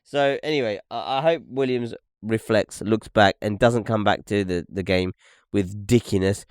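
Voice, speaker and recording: A man's voice: lowish voice, moderate pace, smooth, no room sound, studio quality. A young man hosting a podcast, ranting and swearing as he comments on video clips, repeating "look" and "okay". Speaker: podcast host.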